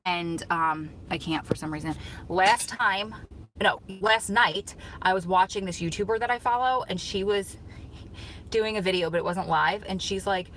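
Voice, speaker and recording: A woman's voice: medium pitch, pushed and bright, slight background noise, low-quality recording. A woman hosting a casual live stream from a parked car, chatting and reacting to viewer comments on her phone. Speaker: livestream host reading viewer comments. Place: parked car in a store parking lot.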